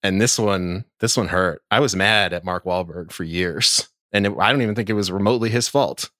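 A man co-hosting a podcast in casual chat, telling his points in an animated, rambling way. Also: low-pitched, brisk, dry recording, studio quality. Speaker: podcast co-host.

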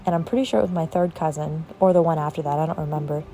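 A woman's voice: deep voice, racing, mellow, slight background noise. A young woman casually telling personal family stories, rambling with lots of fillers and casual swearing. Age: young adult. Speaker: podcast host.

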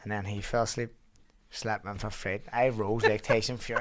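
A man's voice: mid-range voice, fairly quick. A young man with a Belfast accent, a podcast guest telling a story in casual chat with lots of swearing. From Northern Ireland. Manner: animated storytelling, heavy swearing.

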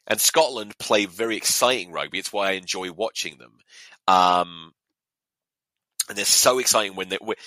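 On his podcast, a young male host rants casually and with plenty of swearing about rugby fans, energetically mimicking them in mock voices. His voice runs on the low side, and there's no room sound.

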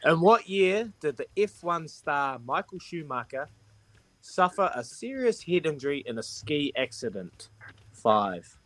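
A man's voice: a little high, expressive, unhurried, a bit bright, dry recording. A man hosting a breakfast radio quiz, cheery and matey as he counts down the answers.

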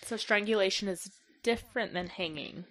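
A woman co-hosting a true crime podcast, chatting casually with quick, giggly reactions. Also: medium pitch, a bit bright. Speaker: podcast co-host.

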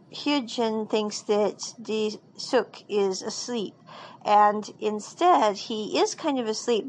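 A woman's voice: on the high side, slight background noise, rough recording. A woman casually recapping a drama episode, rambling with frequent fillers and restarts.

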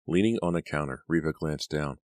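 Very deep-voiced male audiobook narrator. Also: a little fast, a little mellow, dry recording, studio quality. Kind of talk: scripted narration.

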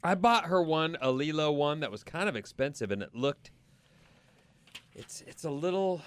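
A man's voice: a little high, animated, normal speed, clean tone. A man co-hosting a podcast who teases the others and makes crude jokes in casual banter. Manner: laughing, teasing interjections. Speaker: podcast co-host.

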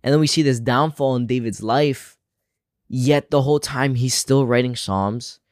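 A man's voice: medium pitch, normal speed, dry recording, studio quality. A man co-hosting a casual Bible discussion podcast, speaking earnestly and reflectively as he draws lessons about faith. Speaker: podcast co-host.

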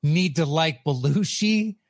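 A man's voice: on the high side, lively intonation, slow, no room sound, studio quality. A man co-hosting a casual movie chat, recapping plots in a rambling way with filler words. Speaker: podcast co-host.

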